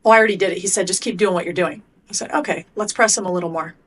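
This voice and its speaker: A woman's voice: medium pitch, racing, a little hiss or hum. A middle-aged woman being interviewed as a performance coach, telling blunt stories and acting out both sides of conversations. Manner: animated storyteller acting out coach and athlete exchanges; blunt, swears casually. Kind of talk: podcast interview.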